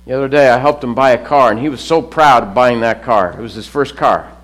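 A middle-aged man preaching a sermon, swinging between loud emphatic lines and low hushed drops. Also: fairly quick, poor audio. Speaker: pastor.

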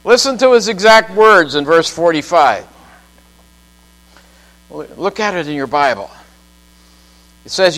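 Male pastor, high voice, slow emphatic sermon delivery with dramatic pauses. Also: animated, fairly bright tone, rough recording.

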